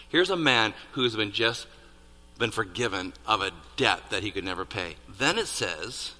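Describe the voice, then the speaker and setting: A man preaching a sermon, building to loud peaks on key points and dropping to hushed asides. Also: fairly low pitch, a little fast. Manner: animated, rising to near-shouts on emphasis, dropping to hushed asides. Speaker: pastor. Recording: reverberant hall.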